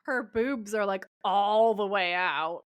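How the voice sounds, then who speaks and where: A woman co-hosting a podcast, recapping a TV episode in casual chat, animated and swearing freely. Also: medium pitch, takes it slowly, clean tone, no room sound. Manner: animated, swears freely, acts out quoted lines. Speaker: podcast co-host.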